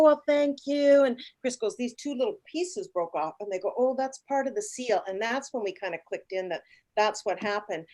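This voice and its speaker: A woman in her late fifties casually telling a travel story, animated, acting out the voices of the people in it. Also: a little high. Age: 50s. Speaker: guest.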